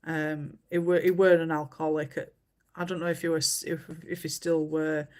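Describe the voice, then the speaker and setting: A woman's voice: low-pitched, level tone, moderate pace. A woman, chatting casually on a livestream and telling stories with many fillers. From England. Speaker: livestream host. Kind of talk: casual chat while colouring.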